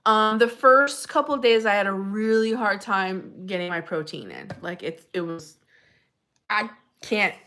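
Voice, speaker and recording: A woman's voice: fairly low pitch, fairly bright tone. A woman hosting a casual live stream, chatting and gushing as she answers viewers by name. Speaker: livestream host.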